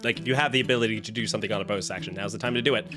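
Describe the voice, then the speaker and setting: A man narrating and ruling as dungeon master of a tabletop game, quick and teasing. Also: lowish voice, steady tone, over music.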